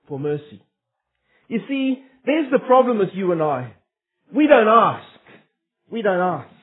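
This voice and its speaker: A man's voice: high-pitched, husky. A man preaching a sermon in an earnest, emphatic way, asking his listeners rhetorical questions. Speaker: pastor. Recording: tinny phone-like sermon recording.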